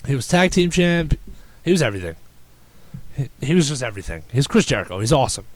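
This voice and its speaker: A man hosts a casual podcast, talking in an excitable, rambling way and restarting his sentences often. His voice sits at an ordinary middle pitch. The sound is dry and close, with no room echo. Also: quick pace. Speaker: podcast host. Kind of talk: casual chat.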